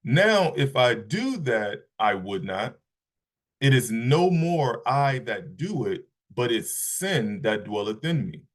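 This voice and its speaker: A man's voice: mid-range voice, big pitch swings. A man giving a Shabbat Bible lesson, reading scripture aloud and often restarting his sentences. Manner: halting, repeats words, reads scripture aloud slowly. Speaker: Bible teacher.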